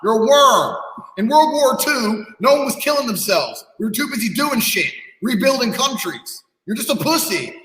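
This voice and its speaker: A man's voice: very high voice, sing-song, moderate pace, a bit bright. A man on a podcast ranting bluntly and profanely, lecturing his listeners. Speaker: podcast guest. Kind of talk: heated podcast rant. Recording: echoey room with long reverb.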